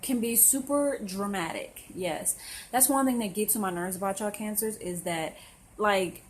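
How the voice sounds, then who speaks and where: A young woman is speaking her mind in a blunt, sassy way. Her pitch is mid-range for a woman. She breaks into quick impressions of other people. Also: a little hiss or hum, rough recording. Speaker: astrology vlogger. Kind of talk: casual opinionated monologue to camera.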